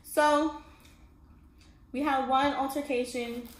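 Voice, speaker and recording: A woman's voice: sits high, steady tone, takes it slowly. A woman telling her own story in a casual storytime monologue, emphatic and often checking in with her listener. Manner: emphatic, keeps checking in with "all right?" and "okay?". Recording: echoey room with faint background hum.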